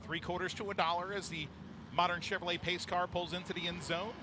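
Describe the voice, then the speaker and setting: A man calling a stock car race live, joking and laughing between laps and quickening with the action. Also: high-pitched, noisy background. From New York. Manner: jokey, laughs often, excitable on the action. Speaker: play-by-play announcer. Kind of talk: live racing commentary.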